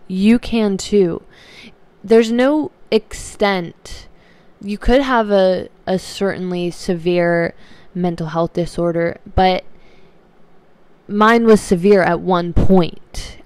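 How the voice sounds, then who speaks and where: A young woman vlogger talking earnestly and reflectively to camera, slow and searching, with frequent restarts. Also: medium pitch, a little mellow, smooth, no room sound. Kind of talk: personal talk to camera.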